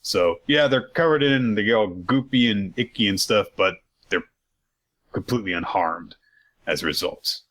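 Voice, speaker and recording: Low-ish guy rambling through a recap on a podcast, lots of ums, swears for fun. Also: normal speed, a bit bright. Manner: loose and rambling, many fillers, jokey profanity. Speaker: podcast co-host. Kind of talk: casual recap chat.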